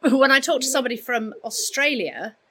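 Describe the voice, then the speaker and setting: A woman co-hosting a podcast, introducing a guest and chatting in an animated, laughing way. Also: a little high, brisk. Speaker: podcast co-host. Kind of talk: casual podcast chat.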